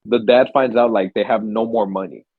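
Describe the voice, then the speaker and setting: A young man co-hosts a podcast, casually chatting and telling stories as an animated storyteller who swears freely and acts out screams and gasps. His voice is lowish with a breathy edge, at normal speed. The audio is narrow and tinny, with no room sound.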